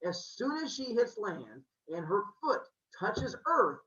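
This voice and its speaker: A male teacher telling myths to a classroom as an animated, joking storyteller who quizzes his students. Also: high-pitched, slow, roomy sound. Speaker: middle school teacher. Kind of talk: classroom lesson on mythology. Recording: dull lo-fi classroom recording.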